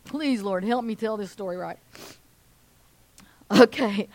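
A woman, preaching and telling a story with lively acted-out voices of a cheering crowd. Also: slow, no echo. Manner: animated, acts out cheering crowds in a high voice. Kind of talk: sermon storytelling.

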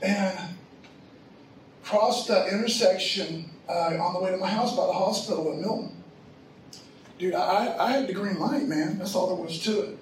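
A man's voice: high voice, moderate pace, slight background noise. A middle-aged man preaching a sermon, telling a personal story in a loose, slangy, conversational way. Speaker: pastor. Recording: echoey room from far off.

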